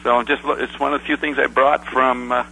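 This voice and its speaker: A man hosting a relaxed conversation, prompting his guest and adding details. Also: mid-range voice, brisk, vocal fry, a little hiss or hum, poor audio. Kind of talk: casual conversation.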